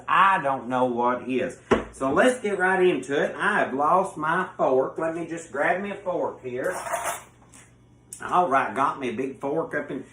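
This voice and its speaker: A man's voice: medium pitch, fairly bright tone, a little hiss or hum. A man with a Southern US accent hosting a home cooking show, folksy and effusive, calling his viewers honey. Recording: echoey room.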